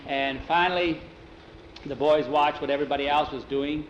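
A man's voice: a little high, fairly even intonation, moderate pace, echoey room. A man telling a story in a homespun, meandering way. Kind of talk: oral storytelling. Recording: dull lo-fi recording with faint noise.

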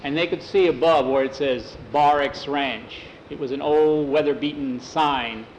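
A man spinning a western yarn aloud in a folksy, unhurried manner, peppering it with "he says." His voice sits a touch high for a man. A faint hiss of noise runs underneath. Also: muffled recording. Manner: folksy, repeating "he says" between lines. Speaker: storyteller. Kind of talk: oral storytelling.

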